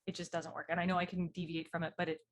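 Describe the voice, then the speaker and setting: Low-pitched woman in casual chat. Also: little pitch movement, rapid-fire. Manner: friendly, chatty, supportive. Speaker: podcast co-host, novelist.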